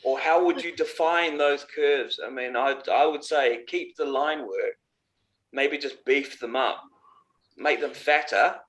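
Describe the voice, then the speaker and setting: A man teaching a painting workshop, guiding a student with easygoing suggestions and relaxed chat. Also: a little high, measured pace. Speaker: art tutor. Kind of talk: casual chat and instruction.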